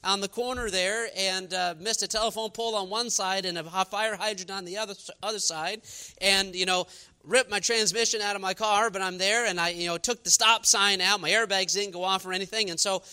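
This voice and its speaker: A man's voice: sits high, steady tone, a little fast, bright, forceful tone, smooth. A man preaching a sermon, telling a personal story in a conversational way with many fillers and turning earnest and emphatic. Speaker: pastor.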